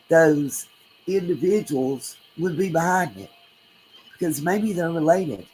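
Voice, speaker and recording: A woman's voice: low voice, rough recording. Woman hosting a casual true crime livestream, talkative and heartfelt, over faint hiss. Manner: chatty, emotional, thanks viewers by name. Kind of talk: casual livestream talk, reading chat.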